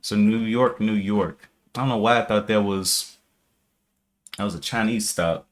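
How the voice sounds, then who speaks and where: A man's voice: fairly low pitch, a little slow. A man streaming live day trading, casually thinking aloud, reading out viewer comments and correcting himself as he checks charts.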